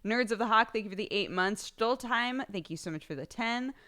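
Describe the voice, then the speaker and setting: A woman's voice: fairly high pitch, animated, a little fast, sharp tone. A young woman chatting casually on a live stream, laughing often and swearing offhandedly.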